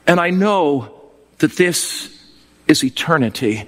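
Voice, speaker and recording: A man's voice: a little high, big pitch swings, unhurried. Earnest preaching man, reverb. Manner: earnest, reverent storytelling with emotional swells. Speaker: pastor. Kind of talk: sermon.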